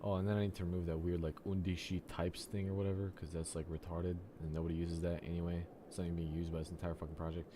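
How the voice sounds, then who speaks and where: Deep-voiced young man swearing in frustration. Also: little pitch movement, fast, hardly any pauses, background noise. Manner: exasperated and profane, talks to the software. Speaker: programmer venting at his computer. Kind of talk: frustrated solo screen-recording rant.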